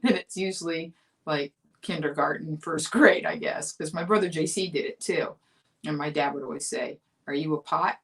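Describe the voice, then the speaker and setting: A Floridian comedian in her fifties with a low, grounded voice hosts her own weekly livestream talk show. At normal speed, she tells a childhood story in a chatty, amused monologue, laughing as she goes, and she sounds a little distant from the microphone.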